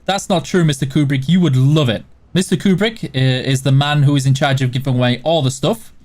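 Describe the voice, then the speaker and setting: Chatty stream host with mild Yorkshire accent. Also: male voice, a little high, brisk, a little mellow. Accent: mild Yorkshire English. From West and South Yorkshire border, England. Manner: matter-of-fact, chatty. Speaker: stream host reading chat. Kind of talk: casual live-stream chat.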